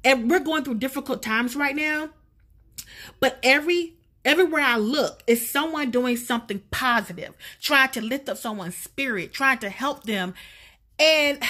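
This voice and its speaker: Casual woman vlogger, high bright voice, emotional and near tears, filming outdoors. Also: lively intonation, measured pace. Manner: gushing, emotional, close to tears. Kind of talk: casual vlog. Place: outdoors in a neighborhood street.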